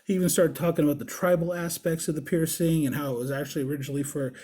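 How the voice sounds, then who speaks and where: Rich: A husky, mellow-toned man spins a casual story, swearing freely and acting out the back-and-forth in lively bursts. His voice sits a little high for a man, and the delivery is loose and conversational. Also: very fast. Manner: profane, animated, acts out the dialogue. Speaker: body piercer and show host.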